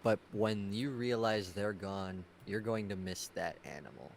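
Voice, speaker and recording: A man's voice: fairly low pitch, a little slow, vocal fry. Male guest, casual chat; loose, giggly, restarts words, light noise floor. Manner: laughs often, repeats words. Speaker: podcast guest, musician.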